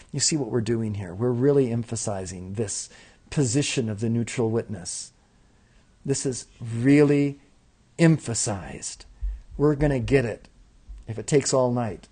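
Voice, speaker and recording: A man leading a live spiritual invocation session, chanting decrees in rhythmic, repeated lists and dropping into relaxed asides to listeners. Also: medium pitch. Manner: rhythmic, incantatory, repeating lists with rising emphasis.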